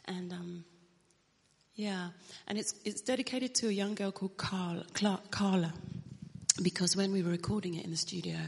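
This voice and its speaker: Gravelly-voiced woman telling a faith story. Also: medium pitch, fairly even intonation, normal speed, darkish tone, long reverb tail. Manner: earnest, drops to a whisper at emotional moments. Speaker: Christian singer. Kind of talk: telling a personal story in an interview.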